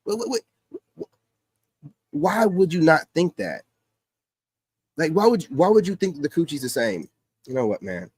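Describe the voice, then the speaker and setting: A man's voice: a little high, very animated, normal speed, long pauses, a little mellow, slightly rough, no echo. A man giving brash, mocking casual commentary over a podcast clip, repeating himself as he reacts. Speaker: reaction streamer.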